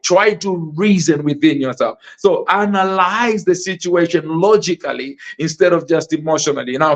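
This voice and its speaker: A man hosting a motivational podcast, talking in a lively, preacherly way and working through numbered points. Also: on the high side. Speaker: podcast host. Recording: dull lo-fi sound.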